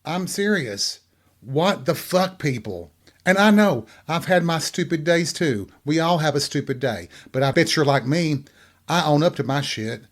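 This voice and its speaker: A man's voice: on the high side, expressive, unhurried. Crude, sarcastic ranting man. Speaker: podcast host. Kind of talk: profane comedic rant.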